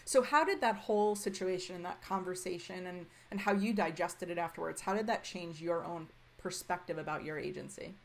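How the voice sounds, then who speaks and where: A lower-voiced woman hosts an interview, affirming her guest and summing up her points. There is a faint hum of ambience behind her. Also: a little fast, creaky, hardly any pauses. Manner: affirming, summarizing, frequent "right". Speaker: podcast host. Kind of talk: conversational interview.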